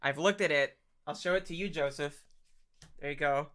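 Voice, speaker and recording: A man's voice: a little high, normal speed, a crowd in the background. A man hosting a podcast in casual, joking chat. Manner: chatty, joking. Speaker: podcast host.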